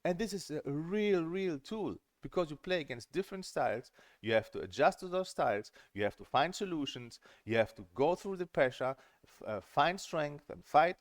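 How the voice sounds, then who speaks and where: A middle-aged man coaching on a stream in a casual, earnest and emphatic way, often repeating words when he gets excited. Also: a little high, moderate pace, dry recording, clean studio sound. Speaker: table tennis coach and streamer.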